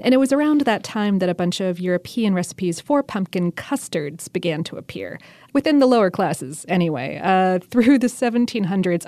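A woman's voice: medium pitch, warm tone, dry recording. A woman co-hosting a casual chat, adding facts and agreeing often. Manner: friendly, adds facts, frequent short agreements. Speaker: podcast co-host.

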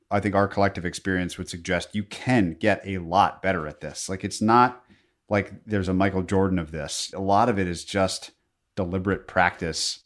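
A man co-hosting a podcast, asking long enthusiastic questions in a casual way. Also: low voice. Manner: enthusiastic, rambling, laughs at himself. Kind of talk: casual conversational interview.

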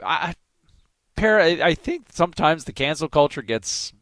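A man's voice: fairly high pitch, expressive, normal speed, a bit bright, no echo. A Canadian man hosting a morning radio show, telling a story in a rambling casual way and growing more worked up as he goes. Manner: rambling, with many fillers and restarts, gets worked up.

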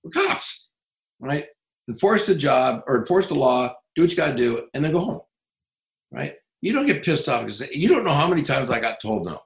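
A middle-aged man working as a police trainer, telling stories in an interview in a blunt, profane, animated way. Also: mid-range voice, normal speed, echoey room, rough recording. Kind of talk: casual interview storytelling.

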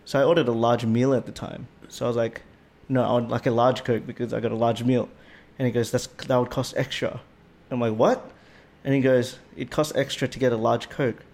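An Australian man telling a story on a casual podcast, animated and swearing freely, his voice jumping up when he gets indignant. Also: mid-range voice, a little fast. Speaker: podcast co-host.

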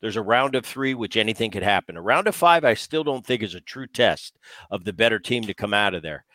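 A man's voice: on the low side, animated, a little fast, sharp tone, no room sound. A man co-hosting a baseball podcast, a former player who talks in a casual, emphatic way and often repeats himself as he restarts. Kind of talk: casual sports talk.

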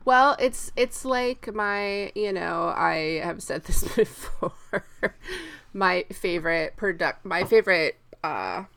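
A woman's voice: on the low side, lively intonation, takes it slowly, a bit bright. A woman co-hosting a casual podcast chat, rambling and laughing as she talks. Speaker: podcast co-host.

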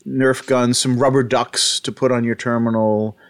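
A man's voice: medium pitch, level tone, normal speed. A man talking as a guest on a podcast interview, telling a long story with frequent fillers and restarts. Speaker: guest, book author and publisher.

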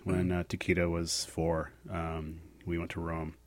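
A man's voice: sits low, monotone, measured pace, a little hiss or hum. A middle-aged man co-hosting a radio show, rambling and joking in casual chat. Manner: rambling, jokey, slips into silly voices.

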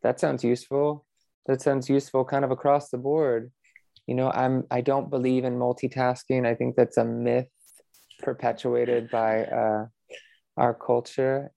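A man's voice: medium pitch, gravelly, dark tone, dry recording. A man talking as a podcast guest about meditation, reflective and earnest, with frequent fillers and restarts. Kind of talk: relaxed interview conversation.

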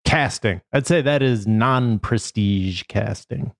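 A man's voice: on the low side, a little slow, vocal fry, dry recording, clean studio sound. A man co-hosting a podcast in casual chat, wry and hesitant with many fillers. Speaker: podcast co-host.

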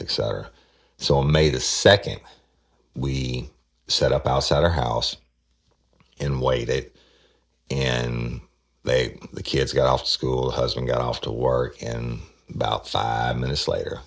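A man's voice: very deep voice, gravelly. A man, a former detective telling his cases in a blunt, profane, plain-spoken way. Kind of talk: casual spoken storytelling.

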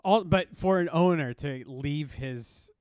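A man with a fairly high, clean voice rambles through a casual basketball chat, often restarting and laughing. The sound is close and dry, with no room around it. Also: slow, a little mellow, clean tone, dry recording. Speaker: podcast co-host.

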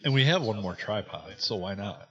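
A man's voice: fairly low pitch, lively intonation, moderate pace, fairly bright tone, lo-fi sound, soft background music. A man co-hosting a podcast, cracking jokes in casual chat. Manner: wisecracking, laid-back. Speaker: podcast co-host.

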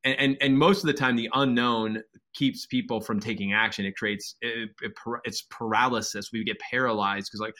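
A man's voice: mid-range voice, steady tone, a little fast, sharp tone. A man co-hosting a podcast, reflecting earnestly on his own experience and repeating words for emphasis. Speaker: podcast co-host, chiropractor. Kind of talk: conversational podcast discussion.

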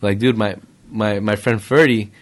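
A man's voice: on the low side, fairly even intonation, moderate pace. A man in laid-back casual chat, swearing freely and calling others bro and dude.

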